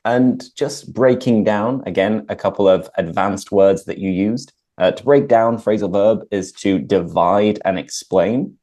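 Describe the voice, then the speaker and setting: A British host with a lowish, mellow voice explains idioms and phrasal verbs in a relaxed teaching chat. He speaks over a video call. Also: measured pace, hardly any pauses. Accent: British English. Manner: explains vocabulary clearly. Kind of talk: casual conversation, teaching.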